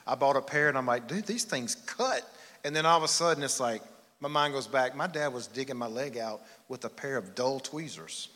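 A man's voice: mid-range voice, brisk, pushed and bright. A man, preaching a sermon in a folksy, self-deprecating storytelling way. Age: 40s. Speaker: pastor. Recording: long hall reverb in church.

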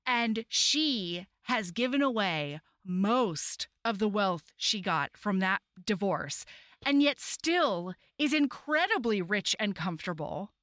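Lively woman podcast host, bright higher voice, dry close mic, swears a lot. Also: takes it slowly, dry recording. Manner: animated, swearing, acts out quotes. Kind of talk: casual book recap chat.

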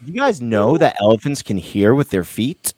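A man's voice: mid-range voice, sing-song, normal speed, a little mellow, breathy edge, no room sound. A man from Vermont with an American accent, co-hosting a podcast, crude and joking, full of "like". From Vermont, United States. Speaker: podcast co-host. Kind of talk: casual banter.

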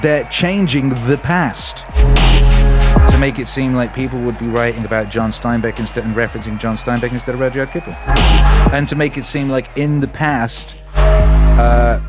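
A man hosting a stream, ranting sarcastically and swearing, now and then putting on squeaky mocking voices. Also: fairly even intonation, normal speed. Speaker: stream host. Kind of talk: casual ranting stream talk. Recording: loud music behind the voice.

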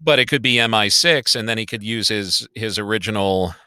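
A man co-hosts a podcast, chatting loosely and energetically about movies while sighing and swearing. His lowish voice runs a little fast and sounds smooth, pushed and bright, in a dry, studio-quality recording.

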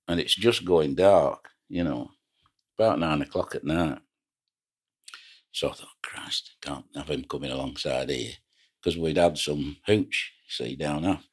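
An older man with a very deep, low voice. He spins a rambling seafaring yarn in a relaxed, conversational way, often restarting his sentences. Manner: rambling anecdotal storyteller with frequent restarts. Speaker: retired pilot boat skipper. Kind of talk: reminiscing oral history.

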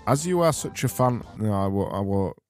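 A man's voice: lowish voice, animated, moderate pace, darkish tone, faint music behind. A man with a Barnsley accent hosting a solo podcast, rambling and self-mocking as he reads out quiz questions. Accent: Barnsley, Yorkshire. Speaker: podcast host.

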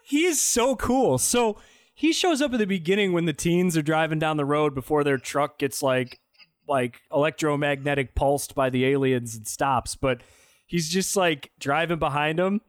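A man's voice: fairly high pitch, normal speed, dry recording, clean studio sound. A man co-hosting a casual movie-review podcast, joking and acting out lines from the film. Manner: animated, mocking, acts out movie lines. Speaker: podcast co-host.

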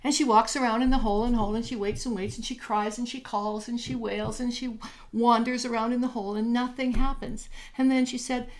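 A woman with a slightly high, brisk voice coaches on spirituality during a casual podcast chat. She's animated, telling stories and acting out the different voices as she goes.

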